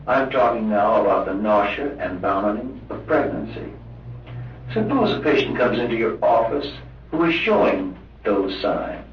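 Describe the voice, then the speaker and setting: A man teaching doctors in a lively, emphatic lecture, stretching out the words he stresses. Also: mid-range voice. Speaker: medical hypnosis instructor. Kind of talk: recorded lecture. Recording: old lo-fi roomy recording from a distance with hiss.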